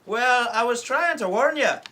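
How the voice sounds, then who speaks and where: A man's voice: very high voice, animated, a little slow, bright, forceful tone, voice pushed up, heavily acted. A man with a sore throat voicing a male dwarf brewer, reading a comedic ad script cold. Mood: jovial.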